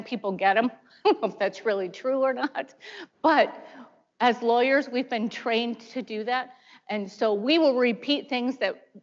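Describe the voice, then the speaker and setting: A woman in her fifties, a prosecutor, giving a chatty seminar talk full of lively asides. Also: fairly high pitch. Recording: dull lo-fi sound in a large hall.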